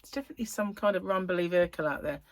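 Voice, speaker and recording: A woman chatting casually to her viewers from home, a bit croaky and tired, rambling and correcting herself as she goes. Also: lowish voice, rapid-fire, a little hiss or hum. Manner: rambling, chatty, self-interrupting. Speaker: crochet vlogger. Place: at home, indoors.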